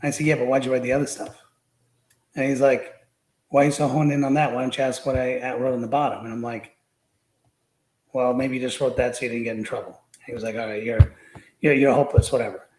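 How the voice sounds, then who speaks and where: Guy rambling through old school stories on a podcast, lots of "you know"s, middle pitch, sounds like an echoey room. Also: flat delivery, fast, pauses often, darkish tone. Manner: rambling, many fillers and restarts. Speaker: podcast guest. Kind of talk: casual storytelling.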